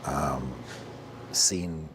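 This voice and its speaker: A man answering in an interview, hesitant and halting, with many pauses and restarts. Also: rumbling low, steady tone, fairly bright tone, slight background noise.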